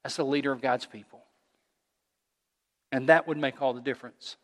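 A man preaching a sermon as a pastor, earnest, rising to loud call-and-response with his congregation. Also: medium pitch, a little slow, long pauses, big-room sound. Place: church sanctuary.

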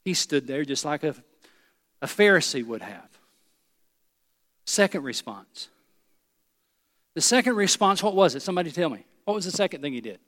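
A male pastor preaching a sermon. He uses dramatic pauses and drops low and soft on key words. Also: big pitch swings, in a large hall.

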